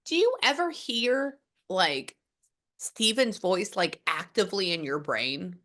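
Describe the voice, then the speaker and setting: A woman's voice: on the low side, expressive, slow, bright, forceful tone. A woman working as a psychic medium, talking casually and rambling through a spirit reading, with the odd swear word.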